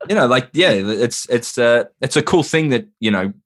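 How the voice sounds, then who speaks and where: A man from Australia, a comedian guest in casual chat, talking earnestly and haltingly and repeating his words. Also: medium pitch, animated.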